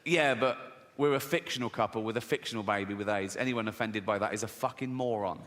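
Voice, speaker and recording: A man playing a grieving young husband with an English accent, answering in a blunt, deadpan, sweary way. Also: fairly low pitch, quick pace, voice pushed down, natural voice. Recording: echoey hall with audience noise.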